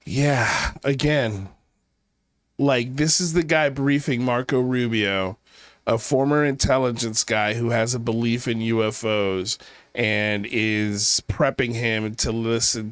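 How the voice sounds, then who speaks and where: A man's voice: on the low side, fairly bright tone, smooth, no room sound, clean studio sound. A man hosting a skeptical online commentary show, talking casually with a sarcastic, profane edge.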